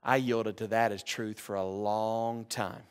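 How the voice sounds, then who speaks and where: A man preaching a sermon as pastor of a church, emphatic, swinging between ringing emphasis and hushed, low confession. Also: steady tone, a little slow, smooth.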